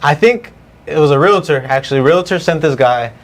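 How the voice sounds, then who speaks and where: A man co-hosting a casual podcast, telling a story in an animated way and swearing freely. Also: fairly high pitch, a little fast. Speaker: podcast co-host. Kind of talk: casual chat.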